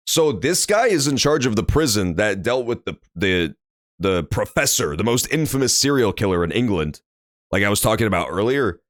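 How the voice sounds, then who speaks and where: Crude, animated young male streamer. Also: on the low side, no room sound, clean studio sound. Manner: crude, profane, jokey. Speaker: streamer playing a game. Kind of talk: casual gameplay commentary.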